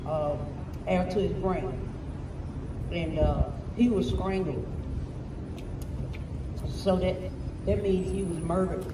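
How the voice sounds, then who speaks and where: A middle-aged woman telling of her son's death at a rally, halting and searching for words, recorded from a distance with echo and noise. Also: mid-range voice. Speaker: mother of the deceased, rally speaker. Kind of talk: personal testimony at a rally. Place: public rally. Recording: echoey, distant, noisy outdoor rally recording.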